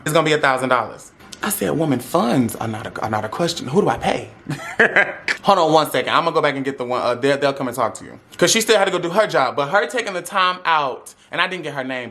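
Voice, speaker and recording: A man's voice: a little high, pushed and bright. A young man speaking tells a dramatic, sassy story to his audience, acting out every voice in it. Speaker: vlogger telling a story. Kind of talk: animated storytime.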